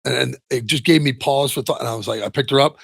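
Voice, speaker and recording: A middle-aged man speaks candidly as an interview guest, his voice husky with a gravelly edge. He pauses and restarts often, trailing off softly. The sound is dry and close. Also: mid-range voice, dry recording. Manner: halting, many restarts and soft trailing asides. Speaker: interview guest, retired football player. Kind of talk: candid personal storytelling.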